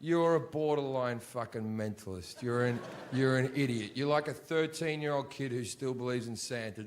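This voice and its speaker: A man doing crude, profane stand-up comedy on stage, ranting and often rising into shouts. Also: medium pitch, moderate pace, few pauses. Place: theater stage before a live audience.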